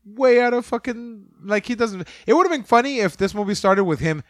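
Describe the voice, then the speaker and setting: A man's voice: extremely high pitch, brisk, dry recording, studio quality. A man co-hosting a casual movie podcast, rambling, laughing often and swearing freely. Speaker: podcast co-host. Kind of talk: casual movie review chat.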